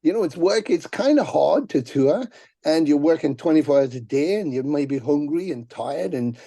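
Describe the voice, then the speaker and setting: Man, middle-aged, gravelly, mellow, swears freely, animated podcast storyteller. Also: fairly high pitch, normal speed, dry recording. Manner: profane, animated, acts out quoted voices. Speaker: musician guest.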